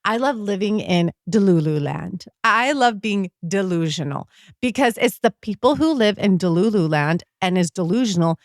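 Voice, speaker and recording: A woman's voice: medium pitch, lively intonation, normal speed, no echo, studio quality. A woman in her thirties hosting a podcast, talking earnestly and with enthusiasm in a casual motivational monologue. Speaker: podcast host.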